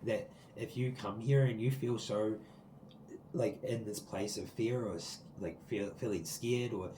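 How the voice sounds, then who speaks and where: A low, mellow-voiced man rambles earnestly through a spiritual tarot reading, his speech scattered with likes and ums. He sits outdoors, and the recording sounds roomy and echoey with faint ambient sound behind him. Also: steady tone, a little slow, slight background noise. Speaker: tarot card reader. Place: sitting outdoors.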